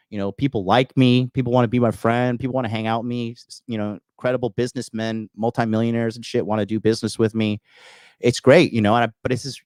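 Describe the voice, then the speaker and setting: A man's voice: medium pitch, a little mellow, dry recording. A man in his thirties hosting a call-in coaching show, talking in a boastful, profane, emphatic way with lots of fillers. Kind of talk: casual livestream monologue.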